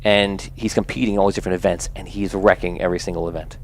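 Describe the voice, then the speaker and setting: A man's voice: low-pitched, fairly even intonation, very fast, slight background noise. A man narrating as game master of a tabletop game in a casual, chatty way. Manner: casual, laughs often, chatty.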